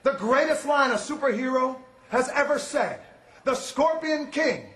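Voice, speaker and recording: High, shouting wrestler in an echoey arena. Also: male voice, a little slow. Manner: boastful, shouting, refers to himself in the third person. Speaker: pro wrestler cutting a promo. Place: large indoor arena. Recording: echoey arena with faint crowd noise.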